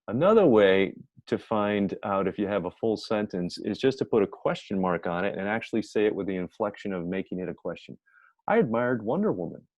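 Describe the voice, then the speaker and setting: Guy teaching grammar, kinda low mellow voice, chatty, stops to fix his own words, dull dry recording. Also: lively intonation, fairly quick, no echo. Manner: chatty, self-correcting, reads examples aloud. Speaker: writing teacher. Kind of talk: informal grammar lecture.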